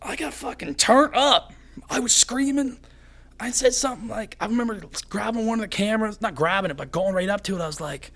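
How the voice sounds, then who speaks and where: A young man who is a fighter, a guest on a podcast, telling stories in casual chat in an animated, rambling way. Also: high-pitched, a little fast.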